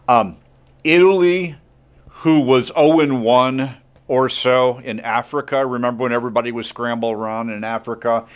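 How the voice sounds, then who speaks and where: A man teaches history in a relaxed, conversational lecture. His voice sits at an ordinary middle pitch. He keeps things loose and jokey, dropping in "like" and quick acted asides as he explains. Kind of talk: casual classroom lecture.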